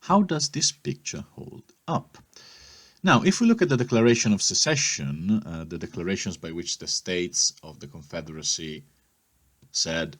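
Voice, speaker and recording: Low raspy guy teaching a history class, explains step by step, keeps asking okay?. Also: animated, moderate pace, fairly bright tone. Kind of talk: recorded history lesson.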